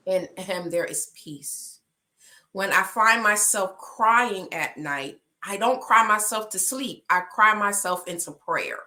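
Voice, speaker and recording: Woman coach, bright forceful voice, heartfelt emotional podcast testimony. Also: mid-range voice, slow. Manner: heartfelt, emotional, rising to passionate pleading. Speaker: life coach.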